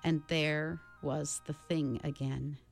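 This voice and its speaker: Slow, expressive woman reading aloud. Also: sits low, gravelly, soft background music. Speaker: reader.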